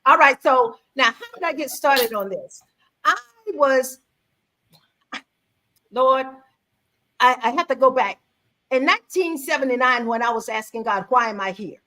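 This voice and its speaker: A woman in her sixties telling a personal story in a conversational talk, acting out quoted dialogue with lively, expressive delivery. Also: high voice, measured pace, pauses often. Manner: animated, acts out quoted dialogue with her own voice. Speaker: guest speaker on faith and mother-daughter bonding.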